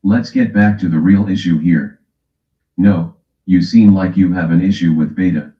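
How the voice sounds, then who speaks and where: A man with a New York accent argues and teases in a profane, bickering way. His voice sits very low. The stream audio is muffled and echoey. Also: normal speed. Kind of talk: casual argumentative stream chat.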